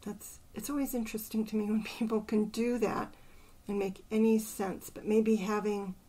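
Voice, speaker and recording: An older woman hosting a poetry channel, thinking aloud and softly counting syllables under her breath as she picks a poem apart. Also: mid-range voice, steady tone, normal speed. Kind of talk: casual poetry analysis.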